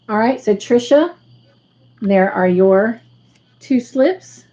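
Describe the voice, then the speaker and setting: A woman hosting a casual livestream, slowly tallying up points for viewers. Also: fairly high pitch, expressive, mellow, highs cut off. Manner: slow, careful tallying of points. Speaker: livestream host.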